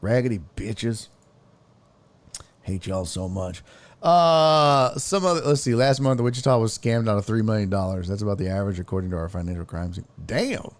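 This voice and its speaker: A man's voice: on the low side, moderate pace. A man hosting a casual sports show, ranting and rambling with lots of swearing. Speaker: sports podcast host.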